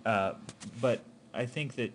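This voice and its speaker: Speaking slowly in a mid-range voice against a noisy background, a man offers an animation student relaxed, supportive critique. He keeps hesitating, with lots of ums and false starts.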